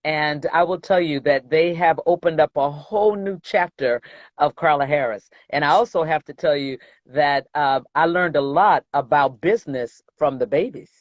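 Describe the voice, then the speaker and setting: A woman's voice: sits low, moderate pace, dry recording. Middle-aged Southern woman, interview guest, emphatic storyteller; dry, lo-fi recording. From American South. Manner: emphatic, acts out quoted dialogue. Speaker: guest, investment banker. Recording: dry, dull lo-fi sound.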